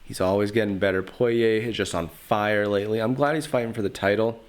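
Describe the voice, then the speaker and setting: A man's voice: fairly low pitch, steady tone, fairly quick. A man hosting his own podcast, talking casually and rambling, with a trash-talking streak. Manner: rambling, trash-talking, lots of fillers like "you know". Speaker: podcast host. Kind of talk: casual solo podcast commentary.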